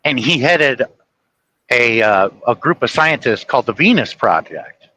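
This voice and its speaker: Opinionated male podcast host from the U.S., bright forceful tone, rambling storyteller. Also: medium pitch, expressive, unhurried, a little hiss or hum, low-quality recording. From United States. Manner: opinionated, storytelling with acted quotes. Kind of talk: casual political chat.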